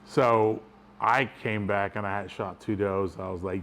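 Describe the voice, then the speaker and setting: A man's voice: fairly low pitch, fairly even intonation, a little fast, slight background noise. A man telling a personal story in a casual, rambling way, chuckling as he goes. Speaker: vlogger.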